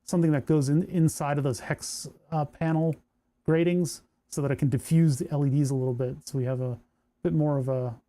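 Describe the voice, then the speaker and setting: Man, a touch high, mellow tone, thinks aloud as he solders, casual streamer. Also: steady tone, a little fast. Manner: muttering to himself while working. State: hand cramps. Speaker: maker streaming a build. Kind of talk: casual workbench chat.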